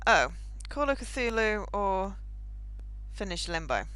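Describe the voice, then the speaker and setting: A woman streaming games who talks slowly and thinks out loud, weighing options and asking her viewers what to pick. Her voice is bright and close, with a dry, dead room around it. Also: medium pitch, sing-song, no room sound, rough recording. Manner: musing aloud, thinking through choices with chat. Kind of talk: casual gaming stream chat.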